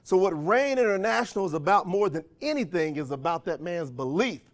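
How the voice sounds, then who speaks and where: At a sales training in an event room, a male motivational speaker with a high, bright voice talks expressively and fairly quickly. His phrasing is folksy and countrified, and he relies on call-and-response, peppering the audience with question after question.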